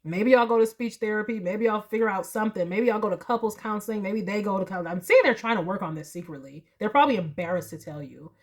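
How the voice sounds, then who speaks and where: A woman's voice: medium pitch, quick pace, few pauses. A woman, reading tarot in a chatty, emotional monologue full of likes and y'alls. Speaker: tarot reader.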